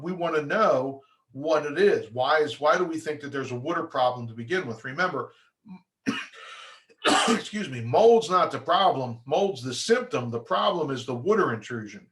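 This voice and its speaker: A man's voice: on the high side, a bit bright. A man talks through mold testing as an inspector, conversational and practical. His delivery is loose, with frequent fillers and restarts. He slips into short mimicked replies from the lab as he goes. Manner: acts out lab replies in quick asides.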